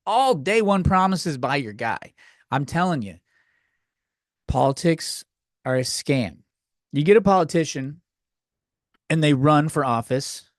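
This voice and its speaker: A man's voice: a little high, animated, unhurried, pauses often, no room sound, studio quality. A man hosting a solo comedy podcast, rambling from thought to thought and poking fun at himself. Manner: rambling, scattered, self-mocking. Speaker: podcast host.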